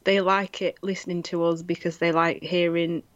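A woman's voice: on the low side, little pitch movement, normal speed, no echo, dull audio. Northern english woman rambling on a podcast, giggles lots, dry close sound. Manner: giggly, rambling and self-deprecating. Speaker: podcast co-host. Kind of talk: casual chat.

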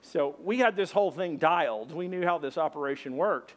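A man preaching a sermon, telling a funny story and acting out shouted voices. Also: fairly high pitch, fairly quick. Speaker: pastor.

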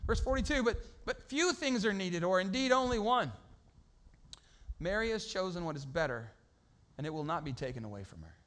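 A middle-aged man preaching a sermon as a pastor, conversational and lively, slipping into playful voices for the people in his stories. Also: high-pitched, moderate pace.

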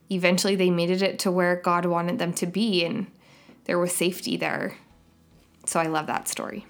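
A woman hosts a devotional podcast with an earnest, reflective manner. Her voice sits at a middle pitch, and she reads scripture aloud in a measured way. She lets a soft laugh slip in as she talks. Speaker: podcast host.

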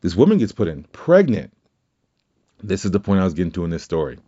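A man's voice: sits low, animated, rapid-fire, dark tone, breathy edge, lo-fi sound. A man hosting a podcast, telling a rambling story in casual chat, swearing freely and correcting himself as he goes. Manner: rambling, profane, self-correcting. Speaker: podcast host.

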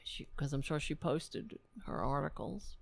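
A woman's voice: sits low, a little slow, vocal fry. A woman hosting a livestream from home, ranting about politics in a sarcastic, profane, exasperated way. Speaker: livestream host. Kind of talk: casual political rant. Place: home in a city apartment.

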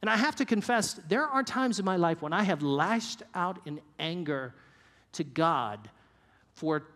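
Man, pastor, sermon, high voice, earnest, long reverb. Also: animated, a little slow, a bit bright. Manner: earnest, varies pace and drops low for emphasis.

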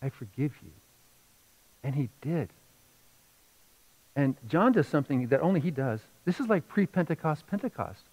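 A middle-aged man preaching a sermon as pastor, telling a personal story with feeling and moving between hushed and loud passages. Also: on the high side, big pitch swings, normal speed, long pauses, rough recording.

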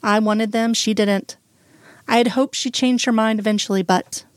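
A woman's voice: fairly high pitch, fairly even intonation, moderate pace, no room sound, close to an everyday voice. Brief: woman narrator doing a wry, hopeful guy in his thirties, self-deprecating, dry close sound. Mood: hesitant. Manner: self-deprecating, gently joking.

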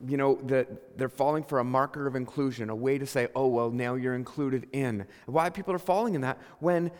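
A man preaching a sermon, conversational and animated, telling stories with emphatic bursts. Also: medium pitch, long reverb tail. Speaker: pastor.

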